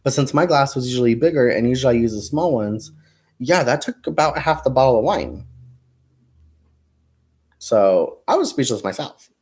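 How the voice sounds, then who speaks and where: A young man hosts a casual crafting livestream, crocheting while counting stitches aloud and telling stories with lots of laughs. He calls viewers "you guys" and "y'all." His voice is medium-pitched, expressive, and darkish, at normal speed with frequent pauses.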